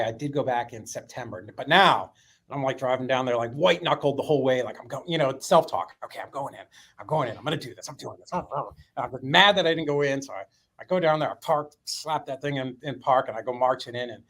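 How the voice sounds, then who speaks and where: A man of middle pitch telling a story as a podcast guest. He talks in a lively, unpolished way, full of "like" and "you know," and swears freely. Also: brisk. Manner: animated, profane, filler-heavy storytelling.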